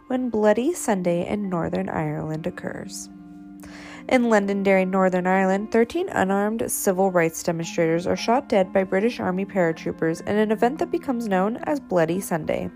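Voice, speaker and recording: A woman with a mid-range voice and a gravelly edge hosts a history podcast, reading her script in a friendly, casual way. Soft music plays faintly behind her. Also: mid-range voice. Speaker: podcast host.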